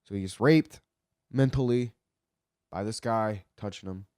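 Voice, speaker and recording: A man's voice: fairly low pitch, a little slow, darkish tone, clear, resonant tone, no room sound, studio quality. A man retelling a story in casual commentary, swearing a lot and rambling with frequent restarts.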